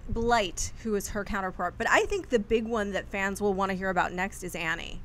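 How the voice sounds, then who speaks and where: A woman co-hosting a casual movie chat, talking in a chatty, excitable way. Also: medium pitch, brisk. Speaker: co-host.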